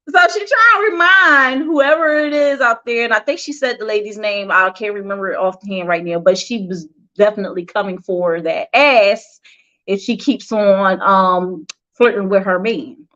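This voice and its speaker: A woman's voice: medium pitch, measured pace, sharp tone. A woman hosting a casual celebrity gossip news show, making opinionated asides between stories. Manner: chatty, opinionated asides with laughs. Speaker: host reading celebrity news. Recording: dull lo-fi sound.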